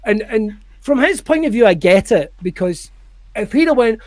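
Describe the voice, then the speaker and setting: A Scottish comedian spins a story in casual chat, acting out the other people in big raised voices and peppering it with swearing and laughter. His voice sits high for a man, and the sound is close and dry. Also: expressive, moderate pace, darkish tone, dry recording. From Scotland. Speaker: podcast guest, comedian.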